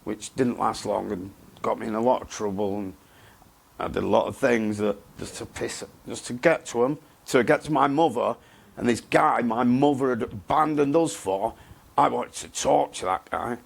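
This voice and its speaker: A man, talking bluntly and haltingly in a candid interview, often repeating himself. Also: medium pitch, vocal fry, husky. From England. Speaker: interview guest.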